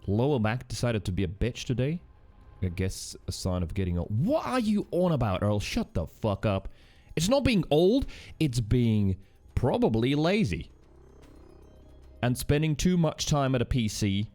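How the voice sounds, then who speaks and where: A man's voice: medium pitch, big pitch swings, normal speed, darkish tone, soft background music. A man streaming from home, chatting casually with viewers and reading chat aloud with teasing banter.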